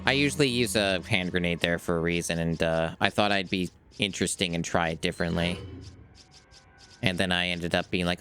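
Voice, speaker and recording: A man's voice: deep voice, brisk, a bit bright, soft background music. A man streaming a playthrough of a game, talking casually in a dry, self-deprecating way and swearing often. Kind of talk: casual gameplay commentary.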